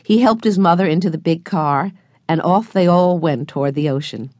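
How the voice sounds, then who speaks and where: A woman narrating a children's audiobook with clear, expressive storytelling, recorded close in a studio. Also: on the low side, normal speed, no room sound. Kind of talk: scripted narration of a children's book.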